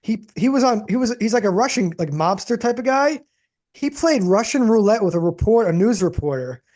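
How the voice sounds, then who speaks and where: Podcast co-host, male, high and mellow voice, quick rambling delivery. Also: animated. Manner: rambling, restarts often, says dude and man. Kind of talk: casual chat.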